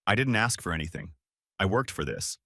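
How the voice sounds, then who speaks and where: A man voicing a quiet, scared teenage boy in a read-aloud family story, soft and shaky. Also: sits low, animated, a little fast, no room sound, clean studio sound, heavily acted.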